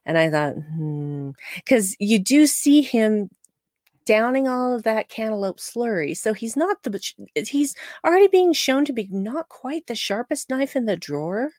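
A woman co-hosting a podcast, retelling an episode in an animated, casual way and acting out the characters' lines as she goes. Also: on the high side, a little slow, no room sound, clean studio sound. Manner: animated storytelling, acts out quoted characters. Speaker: podcast co-host. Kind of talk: casual episode recap chat.

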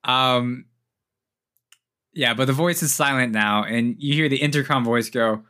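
A man's voice: mid-range voice, a little slow, pushed and bright. A man running a tabletop game as game master, narrating with jokes and frequent laughter. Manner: laughs often, joking narration.

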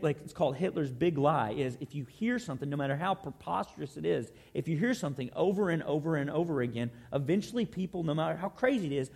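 Pastor telling a story. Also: male voice, a little high, gravelly, a little mellow, slightly rough. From Arkansas. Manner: conversational, anecdotal, earnest. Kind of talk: storytelling sermon.

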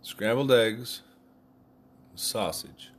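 A man's voice: mid-range voice, very slow, fairly bright tone. A man recording a casual, rambling video message just after waking from a nap, talking while eating. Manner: rambling, loose and just-woken. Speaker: vlogger.

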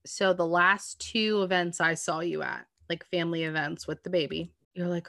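A woman in casual conversation who asks gentle, probing questions. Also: fairly low pitch, steady tone, moderate pace, gravelly, few pauses.

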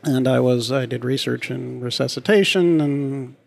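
A man being interviewed as a guest, speaking in a relaxed, wry, self-deprecating way. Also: medium pitch, moderate pace, creaky, dry recording. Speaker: guest, physician executive. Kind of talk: casual interview.

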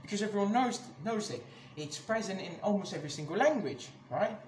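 Man ranting on a podcast, high voice, angry and swearing, echoey room, noticeable background noise. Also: expressive, fairly quick. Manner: angry, swears a lot, many restarts. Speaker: podcast host. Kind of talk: casual ranting monologue.

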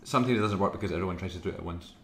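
A man's voice: low-pitched, echoey room, slight background noise. A man hosting a podcast, bantering casually with his guest. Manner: quick, bantering, lively. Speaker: podcast host. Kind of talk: casual chat.

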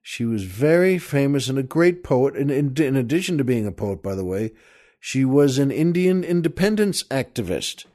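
A man's voice: medium pitch, animated, normal speed, warm tone. A man hosting a talk show, telling a joke in a folksy, rambling way and chuckling often. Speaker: host.

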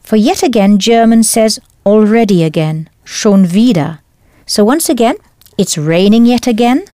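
A woman teaching a language lesson in a clear, careful scripted delivery, spelling out words as she goes. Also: medium pitch, animated, unhurried, dark tone, no echo, studio quality.

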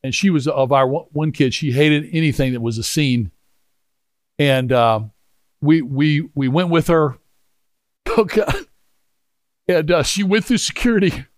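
Middle-aged male pastor, animated and higher-pitched. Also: unhurried, pauses often, dry recording, studio quality. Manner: animated, rambling, frequent restarts. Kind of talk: storytelling sermon with prayer.

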